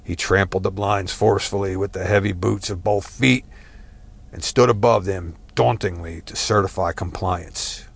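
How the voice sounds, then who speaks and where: Low-voiced man reading a dark story. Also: fairly even intonation, moderate pace, creaky. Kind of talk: scripted story narration.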